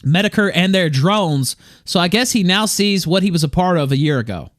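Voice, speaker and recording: A man's voice: high voice, expressive, brisk, a bit bright, no echo, clean studio sound. A man hosting a livestream, talking casually, reading chat messages aloud and often breaking into chuckles. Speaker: livestream host.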